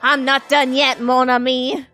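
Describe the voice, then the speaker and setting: A suave, flirtatious gentleman dove, as a woman streamer puts him on, courtly and smooth, sliding into a mock French accent. His voice sits lower than her own but stays bright, and his pace is slow and unhurried. Faint music plays underneath. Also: level tone. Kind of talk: live-streamed game reading.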